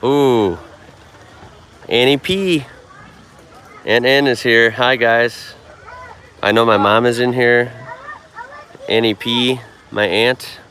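A man's voice: mid-range voice, takes it slowly, long pauses, fairly bright tone, slight background noise. A man with a Chicago accent chatting easily and laughing often while live-streaming from an outdoor wildlife park on a handheld camera. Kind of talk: casual live-stream chat.

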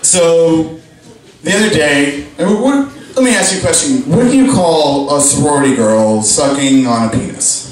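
A man's voice: on the high side, lively intonation, moderate pace. A young man doing a stand-up comedy set at a live pub show, rambling with lots of fillers and crude jokes. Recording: very echoey pub room, distant mic. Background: audience laughing.

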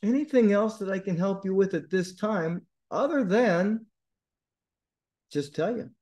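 A male TOEFL tutor addresses his students directly during a lesson. His slightly high voice is warm and mellow, with lively intonation and an unhurried pace. He speaks with blunt emphasis, constantly pushing them to succeed.

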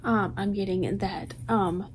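A woman's voice: medium pitch, steady tone, slow, a little hiss or hum, low-quality recording. A woman chatting casually to camera as a book vlogger, rambling with lots of ums and restarts. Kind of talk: casual chat.

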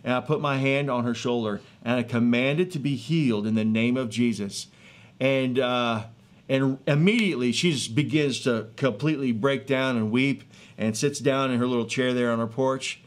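A man in his thirties or forties, a street evangelist telling a healing testimony in an earnest, excitable way with many fillers and restarts, outdoors in a neighborhood. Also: medium pitch, moderate pace. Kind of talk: animated testimony storytelling.

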